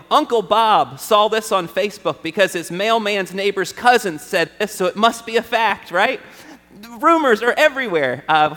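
A man's voice: high voice, pushed and bright. A man preaching a conversational sermon to a congregation, often checking in with his listeners with "right?". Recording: long hall reverb.

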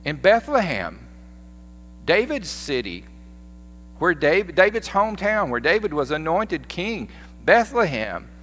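A man's voice: a little high, big pitch swings, unhurried, fairly bright tone, a little hiss or hum, pitched above the performer's own voice. A man voicing eager, helpful priests and scribes.

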